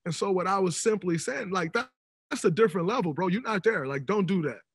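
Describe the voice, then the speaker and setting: A man in his thirties, a podcast guest telling stories in an animated, emphatic way. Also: high-pitched, brisk, husky, dry recording. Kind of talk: casual podcast conversation. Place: podcast studio.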